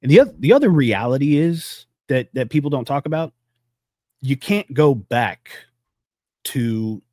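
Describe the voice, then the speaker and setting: A man's voice: darkish tone, no room sound, studio quality. A man co-hosting a podcast, chatting loosely and profanely and rambling about politics. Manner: loose, rambling, profane, acts out quotes in a high voice. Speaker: podcast co-host. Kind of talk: casual political chat.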